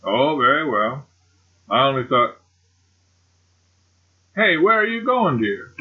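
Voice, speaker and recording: A man's voice: big pitch swings, takes it slowly, narrow, tinny audio. A man doing a gushing old colonel. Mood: eager. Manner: gushing, pitched up and emphatic. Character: boastful elderly male colonel, effusive and scheming.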